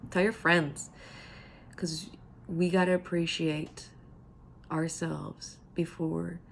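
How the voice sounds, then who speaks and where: A middle-aged woman speaking in a heartfelt motivational monologue, earnest and repeating phrases for emphasis, sometimes dropping to a soft whisper. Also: on the low side, gravelly. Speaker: self-help vlogger.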